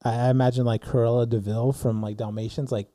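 A man's voice: medium pitch, little pitch movement, a little fast, warm tone, no room sound. A young man telling a story in casual chat, acting out the dialogue with lots of filler words. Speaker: podcast co-host telling a story.

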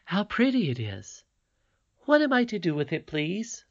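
A man voicing an eager little princess girl in an audiobook, high, breathless and excited. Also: a little slow, dull audio, full character voice. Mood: delighted. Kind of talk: audiobook character reading.

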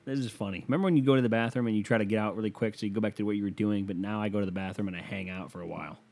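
Talking very fast in a fairly low, darkish voice with fairly even intonation, a young man rambles through a solo podcast from his bedroom. He swears freely and pokes fun at himself.

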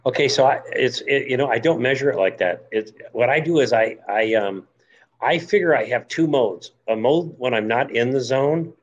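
A man's voice: mid-range voice, normal speed, dull audio. An older man, a veteran guest on a podcast, speaking bluntly and folksily in casual chat. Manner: blunt, folksy, calls the host dude and man.

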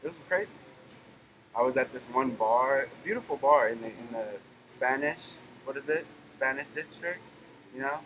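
A man in casual conversation, telling relaxed travel anecdotes. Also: mid-range voice, moderate pace. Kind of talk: casual chat. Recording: noisy background.

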